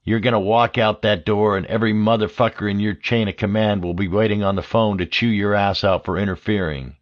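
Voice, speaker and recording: A man's voice: lowish voice, fairly even intonation, a little fast, no echo, lightly acted. A man voicing a cuffed male detainee who taunts his captor in a sneering way. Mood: taunting. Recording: dull lo-fi audio.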